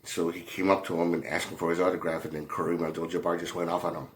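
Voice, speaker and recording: A man telling a rambling story in a casual way, halting often, with many fillers and restarts and a lot of swearing. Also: low-pitched, little pitch movement. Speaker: commentator.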